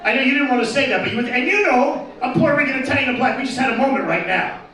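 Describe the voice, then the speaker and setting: Loud crude guy doing standup, kinda high pitched, far off mic in a big echoey room w/ people talking. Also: expressive, very fast. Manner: crude, brash, teasing the crowd. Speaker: stand-up comedian. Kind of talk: stand-up set at a live event. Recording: echoey distant mic with crowd. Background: audience chatter and laughter.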